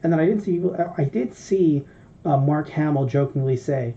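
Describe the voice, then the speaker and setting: A man's voice: on the high side, moderate pace. A man co-hosting a podcast, telling a long, rambling, profane story in casual chat. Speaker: podcast co-host. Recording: dull lo-fi podcast audio.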